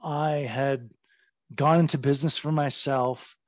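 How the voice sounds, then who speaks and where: A man's voice: mid-range voice, steady tone, measured pace, no echo. A man in his forties, a former wrestler, telling stories in a casual interview. His speech is rambling and profane, and it is full of fillers.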